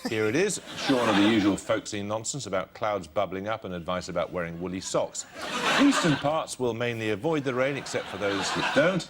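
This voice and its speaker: A man reading a sardonic, deadpan weather report as a news presenter. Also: on the low side, fairly quick, very noisy, natural voice. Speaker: newsreader in a played clip.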